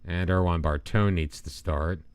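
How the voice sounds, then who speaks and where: A man with a low, smooth and resonant voice gives casual gameplay commentary, thinking out loud and poking fun at himself. His pitch swings freely up and down as he talks, and the recording is close and dry with no room sound. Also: fairly even intonation, measured pace, no echo. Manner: rambling, talks to himself, self-deprecating. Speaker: gaming channel host.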